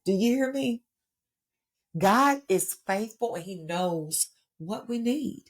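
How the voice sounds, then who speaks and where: A woman's voice: medium pitch, lively intonation, slow. Earnest Texan woman sharing faith. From Texas. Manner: earnest, conversational, checks in with listeners. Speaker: ministry founder and host. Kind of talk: inspirational faith talk.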